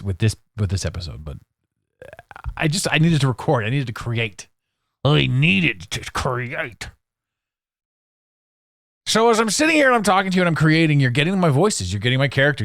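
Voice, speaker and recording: A man's voice: on the high side, fairly bright tone, no room sound, studio quality. A man hosting a podcast, talking in a candid, meandering monologue with casual swearing and frequent restarts. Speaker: podcast host.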